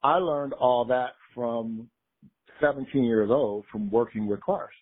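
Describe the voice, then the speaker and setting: A man who directs gospel choirs, speaking as an interview guest in a relaxed, reflective way and often checking in with "right?". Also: medium pitch, a little slow. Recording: tinny phone-like line.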